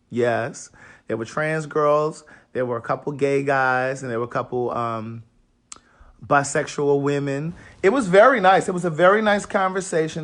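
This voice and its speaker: A raspy-voiced man from Maryland, an author hosting a casual livestream from a hotel room and greeting viewers by name. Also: fairly high pitch, fairly bright tone.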